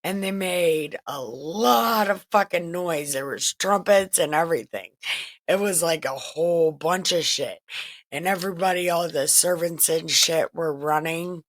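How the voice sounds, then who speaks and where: A woman's voice: fairly low pitch, a little slow, dry recording. A woman host retelling Bible stories in a casual, profane, wisecracking way, recorded in a makeshift home setup. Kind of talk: casual irreverent storytelling.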